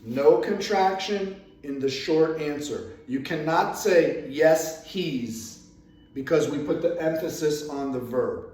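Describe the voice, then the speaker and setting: A man teaching an English grammar lesson in a classroom, speaking slowly, repeating phrases and moving around as he explains. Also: on the high side, darkish tone, recorded from a distance. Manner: slow, repeats phrases, moves around the room. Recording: echoey room, voice from away from the mic.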